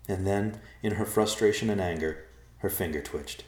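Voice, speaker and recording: A man reading a storybook chapter aloud in a steady, measured way. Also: low voice. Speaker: audiobook narrator. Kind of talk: scripted storybook narration. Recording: roomy echo.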